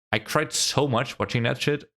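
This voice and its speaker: A young man hosting a reaction vlog, chatting casually and gushing with excitement, often tossing in "man" and "bro" along with the odd swear word. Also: mid-range voice, takes it slowly. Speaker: reaction video host.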